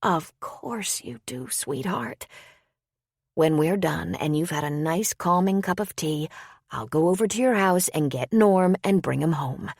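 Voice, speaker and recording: A woman narrator voicing an older wife, married for decades, calm and soothing with a dry, weary humor, in an audiobook. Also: deep voice, unhurried, slightly rough, dry recording, exaggerated voice. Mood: wry.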